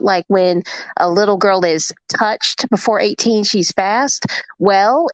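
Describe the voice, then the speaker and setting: A woman's voice: medium pitch, no room sound, poor audio. A woman panel guest giving impassioned, emphatic commentary. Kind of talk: opinionated commentary.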